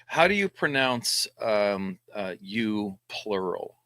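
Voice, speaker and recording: A man's voice: fairly low pitch, sing-song, slow, bright, forceful tone, dry recording. A man, a bit tipsy from whiskey, rambling and stammering as a guest in a casual live stream chat.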